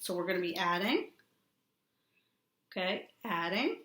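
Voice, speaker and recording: A woman teaching a young child a remote lesson, drawing out words and repeating them with steady encouragement. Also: fairly low pitch, echoey room. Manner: slow, drawn-out, encouraging teacher talk with repetition.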